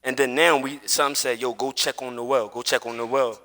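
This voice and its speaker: A man's voice: medium pitch, fairly even intonation, brisk, sharp tone. A man streaming live, telling a personal story in casual chat while gaming, emphatic and repetitive, swearing oaths as he goes.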